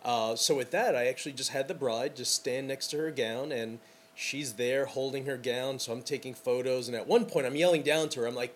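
Man, podcast host, wedding photographer, casual monologue, enthusiastic, rambling, mid-pitched voice. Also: fairly quick. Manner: rambling and enthusiastic, many fillers.

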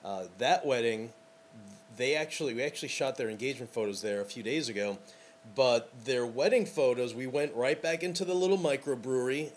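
A man's voice: medium pitch, a little hiss or hum. A man hosting a casual podcast as a wedding photographer, talking in an enthusiastic, rambling way with lots of fillers.

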